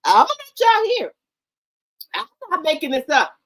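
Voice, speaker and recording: Woman gossip host, high and very animated, profane and theatrical, AAVE speech. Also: moderate pace, low-quality recording. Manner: animated, profane, dramatic retelling. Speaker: commentary channel host. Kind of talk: casual gossip commentary.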